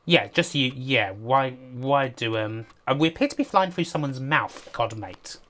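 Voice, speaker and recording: A woman's voice: a bass voice, lively intonation, unhurried, fairly bright tone. A woman giving casual live-stream commentary on games, sardonic and sweary, often laughing. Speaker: game streamer.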